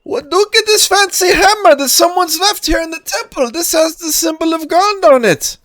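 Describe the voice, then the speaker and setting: A man's voice: extremely high pitch, moderate pace, fairly bright tone, dry recording, studio quality. A man voicing a forgetful, jittery old woman who keeps a temple, stammering and repeating herself. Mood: doddering.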